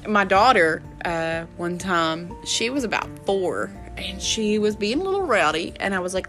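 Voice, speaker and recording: A woman's voice: medium pitch, big pitch swings, normal speed, few pauses, a bit bright, soft background music. A woman, chatting and laughing as she rambles through stories about her children. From West Virginia. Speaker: mother telling family stories. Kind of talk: casual storytelling to viewers.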